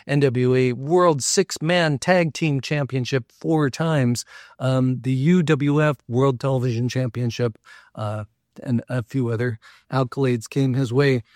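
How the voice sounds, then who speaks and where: A man's voice: medium pitch, steady tone, a little slow, a little mellow, dry recording, studio quality. A man giving a casual local history talk, chatty, with many fillers and joking asides.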